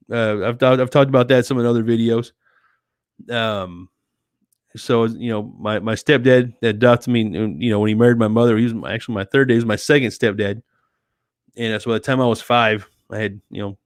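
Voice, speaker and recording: An easygoing man hosts a late-night live stream from home. He reads viewer comments aloud and answers them in a chatty, friendly way, calling people sweetie and dude. His mid-pitched voice sounds dry and close, with no room echo. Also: clear, resonant tone. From United States. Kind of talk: casual chat reading viewer comments.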